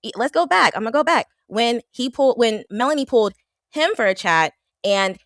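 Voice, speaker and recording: A woman co-hosting a casual reality TV recap, getting worked up and animated, her pitch jumping when she is indignant. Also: brisk, dry recording, studio quality. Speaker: podcast co-host.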